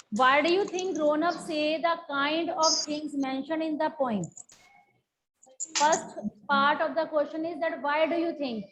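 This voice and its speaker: Female teacher, Indian English accent, high voice, online class, keeps repeating questions and prompting students. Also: slight background noise, poor audio.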